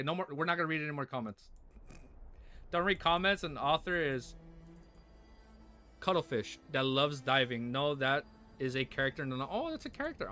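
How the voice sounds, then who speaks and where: A man hosting a livestream reaction, chatting excitedly with viewers and his puppy. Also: fairly high pitch. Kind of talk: casual livestream reaction chat.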